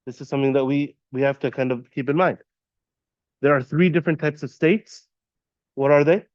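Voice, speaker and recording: A man teaching a classroom lesson, patiently quizzing students and repeating terms slowly. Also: fairly high pitch, no room sound, lo-fi sound. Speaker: Arabic teacher. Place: classroom at an Islamic center.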